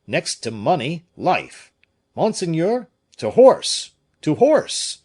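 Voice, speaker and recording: A man voicing a loyal male friend who urges escape in a loud, raised, commanding voice, in a storybook reading. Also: medium pitch, lively intonation, takes it slowly, breathy edge. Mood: urgent.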